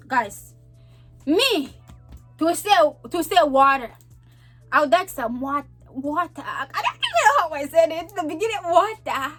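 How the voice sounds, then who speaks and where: Young Zambian woman, vlogger, high voice with a wide, animated range, chatty and laughing. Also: moderate pace, faint music behind. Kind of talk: casual storytelling to camera.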